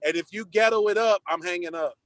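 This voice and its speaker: A man's voice: high-pitched, quick pace, a loud crowd. A man chatting as a guest on a casual podcast, blunt and playfully mock-formal.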